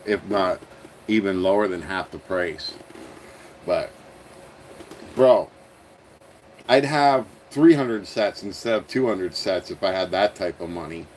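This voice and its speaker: A man's voice: low voice, slight background noise, rough recording. A man with an Ontario Canadian accent, hosting a casual livestream. He rambles, chuckles at himself and trails off into mumbles while answering viewers. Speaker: host of a toy-building channel.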